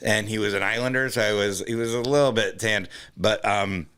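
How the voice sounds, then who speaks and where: A man co-hosting a comedy podcast in loose, profane, joking chat, laughing often and slipping into quick impressions. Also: on the low side, fairly bright tone, clean tone. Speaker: podcast co-host.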